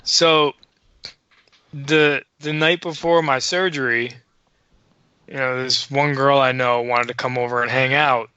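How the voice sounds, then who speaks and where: A man co-hosting a podcast, telling a story in casual chat, excitable and full of swearing. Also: mid-range voice, measured pace, long pauses, clean tone, no room sound, dull audio. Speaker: podcast co-host.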